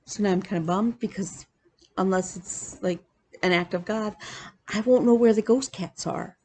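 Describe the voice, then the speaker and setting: A woman vlogging about her cross-stitch hobby, telling animated, chatty stories with laughs. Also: mid-range voice, normal speed, slightly rough. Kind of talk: casual chat.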